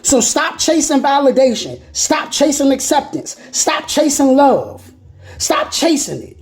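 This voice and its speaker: A woman delivers a motivational sermon, emphatic and repetitive, with casual slang. Her voice sits high and moves a lot, with a mellow, darker tone. She builds to impassioned peaks. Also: very animated, unhurried. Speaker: preacher.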